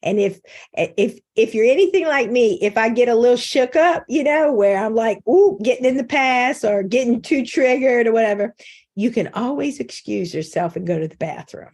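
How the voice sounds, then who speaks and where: A woman's voice: fairly high pitch, lively intonation, moderate pace, a little mellow. Candid, joking middle-aged woman on a video call. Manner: candid, self-mocking, laughs often. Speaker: guest speaker. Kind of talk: informal faith talk.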